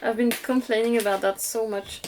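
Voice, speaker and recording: This doll collector vlogger is a young woman with a French accent and a slightly high voice, speaking at a moderate pace in a steady tone over a little hiss or hum. She chats casually and gushes while unboxing dolls, giggling and talking directly to her viewers.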